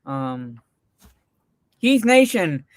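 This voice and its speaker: A woman's voice: low-pitched, big pitch swings, very slow, dry recording, clean studio sound. A woman co-hosting a casual livestream and reading out chat messages, talking in a rambling way with many fillers and restarts. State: recovering from a migraine. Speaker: co-host reading live chat.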